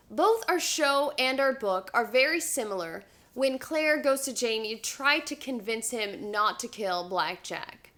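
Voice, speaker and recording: A woman's voice: a little high, expressive, measured pace, hardly any pauses, a bit bright. A woman hosting a vlog, chatting casually as she compares a book with its show and retells the plot with easygoing hedges. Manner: retells plot conversationally with hedging fillers.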